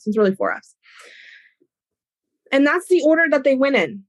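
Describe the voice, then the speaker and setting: Lively woman teaching on a podcast. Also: high-pitched, normal speed, long pauses, no echo. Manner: animated, explains with everyday examples. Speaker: podcast host and educator.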